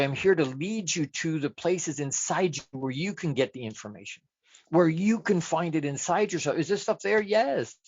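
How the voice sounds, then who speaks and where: A man's voice: fairly high pitch, no room sound. A man giving a motivational talk as a life coach, chatty and self-deprecating, who asks rhetorical questions and answers them himself. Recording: dull, dry lo-fi recording.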